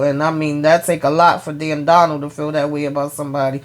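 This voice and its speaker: A woman giving a casual TV episode recap, retelling scenes in an animated way with blunt opinions and mild cursing. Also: sits low, fairly quick, hardly any pauses. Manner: animated retelling, acts out characters' lines. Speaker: show recap host.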